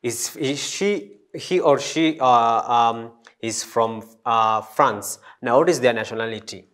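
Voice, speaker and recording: A man teaching a French language lesson, slow and hesitant, with many fillers and restarts. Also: medium pitch, fairly bright tone. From East Africa. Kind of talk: classroom lesson.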